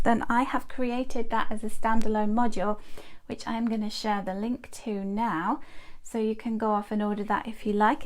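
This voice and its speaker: A middle-aged woman hosting a live tea leaf reading, greeting viewers by name in a chatty, effusive way that now and then trips over her words. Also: on the high side.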